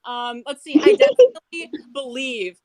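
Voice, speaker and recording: A young woman doing a stand-up set in a chatty, rambling way, often breaking into laughter at her own jokes. Her voice sits a little high, and she talks in loose asides. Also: very animated, moderate pace, darkish tone. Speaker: stand-up comedian.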